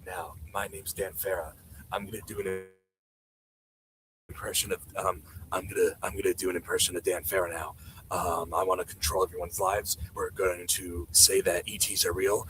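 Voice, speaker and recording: A man's voice: level tone, moderate pace, fairly bright tone, slight background noise, poor audio. A man doing a sneering, muttering impression of a scheming male film director. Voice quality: low, muttering, mocking.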